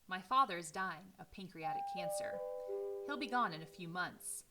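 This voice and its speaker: A woman voicing a guarded middle-aged man in a novel reading, speaking politely and in a measured way. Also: on the low side, animated, loud music behind the voice.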